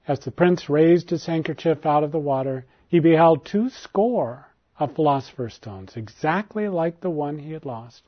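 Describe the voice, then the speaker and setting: A man narrating a formal storybook tale in a measured way. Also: on the high side. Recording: dull lo-fi recording.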